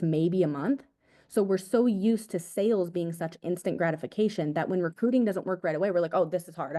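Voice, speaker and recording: A young woman, an agency owner, gives an energetic, casual motivational talk to her team over a video call, repeating her points and calling them "guys". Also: fairly low pitch. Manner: energetic, repetitive, casual slang like "dude" and "guys".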